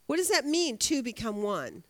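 Casting note: woman with a higher voice, Bible teacher quizzing her class and reading scripture. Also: sing-song, moderate pace, fairly bright tone. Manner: asks the class questions, reads scripture aloud. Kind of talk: Bible study lesson.

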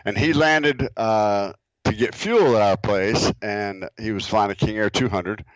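A man talking in a laid-back way in a casual chat, with halting restarts and dry humor. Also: fairly low pitch, dry recording. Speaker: podcast guest, dropzone owner. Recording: dull lo-fi sound.

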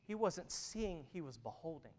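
A man in his thirties preaching a sermon, who moves from loud, emphatic stretches to hushed, intimate ones. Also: fairly high pitch, big pitch swings, moderate pace. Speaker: pastor.

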